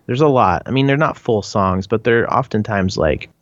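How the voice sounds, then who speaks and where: Man, Canadian accent, low voice, rambling casual answers, muffled lo-fi recording. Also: expressive, normal speed, no echo. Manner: rambling, frequent "like" and restarts, laughs often. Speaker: band member, interviewee. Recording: dull lo-fi dry sound.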